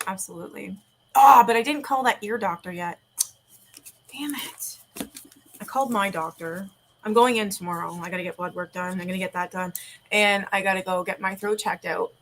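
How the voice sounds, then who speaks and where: A woman's voice: medium pitch, moderate pace, a bit bright, slight background noise, rough recording. A woman in her forties from South Florida, hosting a casual livestream from home, chatting loosely, swearing casually and reading aloud with a sore throat. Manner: chatty, rambling, casual swearing, frequent laughs. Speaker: livestream host.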